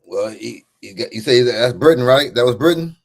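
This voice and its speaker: A man's voice: medium pitch, expressive, vocal fry. Hesitant man in casual chat. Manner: halting, hesitant, with fillers. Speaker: co-host.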